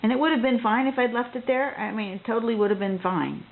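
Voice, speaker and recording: Gravelly woman chatting through a drawing lesson. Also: fairly high pitch, fast. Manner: chatty and rambling, with frequent restarts. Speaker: drawing instructor. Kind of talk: casual drawing tutorial, thinking aloud. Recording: tinny phone-like audio with faint noise.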